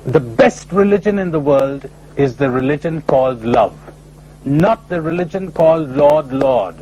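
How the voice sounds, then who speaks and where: A man's voice: fairly high pitch, a little slow, husky, rough recording. A man giving a spiritual lecture full of stories, told in a playful, emphatic way. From India. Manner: animated storyteller, playful and emphatic. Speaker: spiritual speaker.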